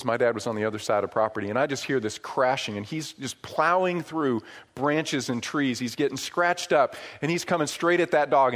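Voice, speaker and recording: A middle-aged man from upstate New York preaching a sermon, telling stories with swings from hushed asides to loud, emphatic points. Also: medium pitch. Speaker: pastor.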